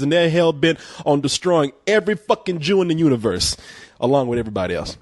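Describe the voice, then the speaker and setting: A man's voice: fairly high pitch, sing-song, a little fast, dry recording, studio quality. A man hosting a video game podcast, talking in loose, joking banter and swearing freely. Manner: profane, joking, laughs often. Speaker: podcast host reviewing a game.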